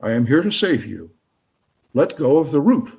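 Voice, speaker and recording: A man voicing God as a booming, solemn voice that calls down from above in a joke. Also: sing-song, moderate pace, vocal fry, mellow. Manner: grand, solemn proclamation.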